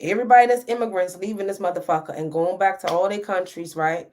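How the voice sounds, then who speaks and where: A woman's voice: lowish voice, fairly even intonation, fast talker, darkish tone, a little hiss or hum. A woman, hosting a live stream and talking to her viewers in an impassioned, preachy way, close to tears. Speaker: host reading live comments. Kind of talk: emotional live-stream commentary.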